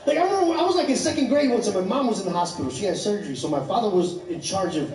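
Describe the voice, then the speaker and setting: A man, doing profane, rambling, animated stand-up storytelling. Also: high voice, racing. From Chicago. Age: 30s. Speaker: stand-up comedian. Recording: echoey club from far off.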